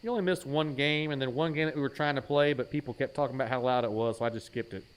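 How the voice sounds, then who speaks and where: Speaking quickly in a mid-range voice with a clean tone, a man streams a horror game. He keeps it jokey and self-mocking, calling out items as he plays in casual let's-play commentary.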